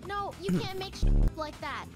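A woman guest on a game stream, teasing and laughing in casual soft-spoken chat. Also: very high voice, normal speed. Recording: game music underneath.

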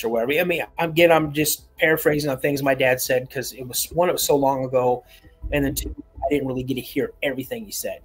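A man's voice: mid-range voice, fast talker, slightly rough, soft background music. A man calling in to a show, telling a long personal story in a rambling way, repeating words and acting out the voices of people he quotes. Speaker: caller.

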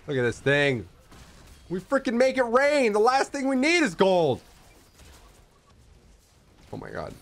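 While streaming an auto-battler game, a man comments live and excitedly, his voice jumping between quiet mutters and shouts.

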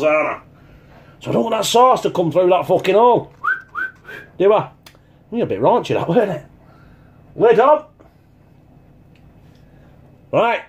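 Sweary, lively man. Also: a little high, a little hiss or hum. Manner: blunt, sweary, jokey banter; talks with his mouth full while tasting. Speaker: cooking channel host. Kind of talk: casual cooking vlog chat. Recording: echoey room.

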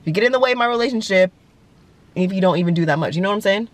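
A woman's voice: medium pitch, lively intonation, racing, dry recording. A young woman chatting casually as a music vlogger, gushing and giggly, with lots of fillers. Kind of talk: casual chat.

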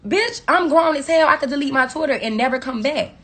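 A woman's voice: high voice, animated, a little fast, fairly bright tone. A woman on a phone livestream, delivering a profane, confrontational scolding rant at her viewers. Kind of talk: angry rant on a social media livestream.

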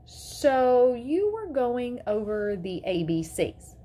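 A woman's voice: medium pitch, big pitch swings, moderate pace, slightly rough. Woman voicing a fierce, protective mother. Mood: firm. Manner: firm, controlled, sharp.

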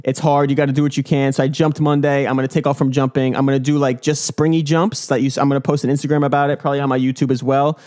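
A man's voice: medium pitch, level tone, rapid-fire, hardly any pauses, a little mellow. A young man hosting his own dunk podcast, talking casually in a hyped, joking, swearing bro manner. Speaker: dunk vlogger and podcast host. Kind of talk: casual rambling podcast monologue.

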